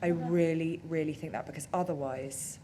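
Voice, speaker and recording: A woman's voice: deep voice, fairly even intonation, moderate pace, mellow, slight background noise. A woman film director talking in an on-stage interview, chatty and self-deprecating, with lots of fillers. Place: on stage at a cinema talk event.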